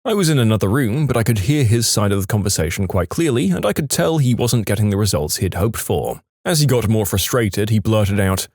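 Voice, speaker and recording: A man reading reader-submitted funny stories aloud as a lively, animated scripted narration. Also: fairly low pitch, a little fast, hardly any pauses, no room sound, clean studio sound. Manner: lively, animated storytelling delivery. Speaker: story narrator.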